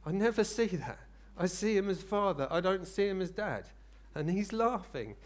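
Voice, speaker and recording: A man preaching a sermon, earnest and rambling, rising into fervent excitement. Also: high voice, a little slow.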